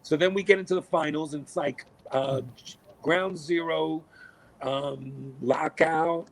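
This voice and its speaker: A middle-aged man, a podcast guest, telling stories in a casual, animated way, cursing freely and acting out what people said. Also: on the high side, slow pace, poor audio. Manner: animated, swears a lot, acts out quotes. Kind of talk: casual storytelling.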